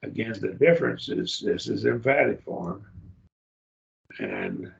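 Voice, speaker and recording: A man teaching a Greek grammar class, who speaks slowly and repeats each word form aloud to model how it is pronounced. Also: medium pitch, big pitch swings, vocal fry, fairly bright tone, muffled recording. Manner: slow, repeats words aloud to model pronunciation. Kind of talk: classroom lecture. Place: church classroom.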